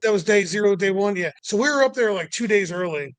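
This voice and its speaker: A man, a race car owner, telling stories casually in an interview, animated and full of "like" fillers, acting out quotes. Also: sits high, fast talker, poor audio.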